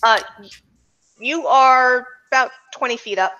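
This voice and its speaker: Bright-voiced woman running a tabletop game. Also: high voice, unhurried, smooth, dull audio. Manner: loose, filler-heavy narration with frequent restarts. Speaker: game master.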